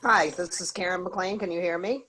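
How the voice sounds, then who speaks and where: A woman's voice: on the low side, normal speed, bright, forceful tone, poor audio. A woman with a Maine accent, calling in to a town meeting to give an angry, emphatic public comment. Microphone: remote call-in.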